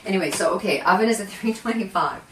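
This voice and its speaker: A woman hosting a live cooking demonstration in her home kitchen, chatty and animated, full of self-deprecating asides. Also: mid-range voice, fast, slight background noise. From Canada. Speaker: cooking show host. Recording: echoey kitchen, mic at a distance.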